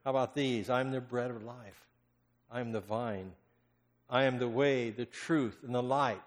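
A man preaching a sermon as pastor, swinging between loud impassioned cries and hushed, almost whispered lines. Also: medium pitch, normal speed. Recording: long hall reverb.

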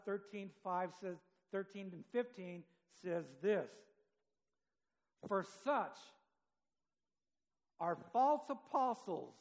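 A man's voice: sits high, gravelly. A man preaching a sermon, reading scripture aloud and talking with his congregation in a conversational way, rising in force for emphasis. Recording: long hall reverb.

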